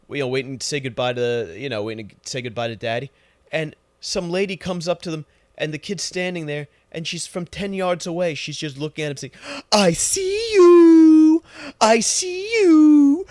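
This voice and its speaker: A man's voice: a little high, no echo. A young man hosting a podcast, telling profane, sarcastic stories in an exasperated rant. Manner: crude, sarcastic, exasperated storytelling. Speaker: podcast host.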